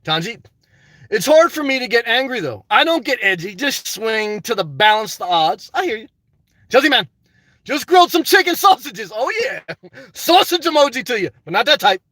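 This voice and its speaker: A man's voice: very high-pitched, big pitch swings, normal speed, bright, forceful tone, no room sound. An older man hosting a casual live stream, reading viewer comments aloud and answering them by name in a blunt, unfiltered way, swearing freely.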